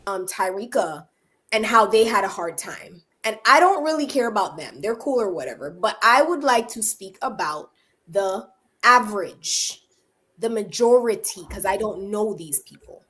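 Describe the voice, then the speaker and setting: A woman's voice: medium pitch, lively intonation, moderate pace, fairly bright tone. Woman speaking on a panel. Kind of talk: panel discussion.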